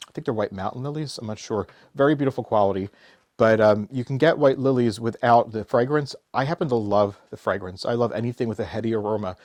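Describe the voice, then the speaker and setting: A man's voice: medium pitch, darkish tone, no echo, clean studio sound. A middle-aged man giving a casual, chatty flower-arranging tutorial as a florist, joking as he works. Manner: chatty, jokey, self-deprecating. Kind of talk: casual floral design tutorial.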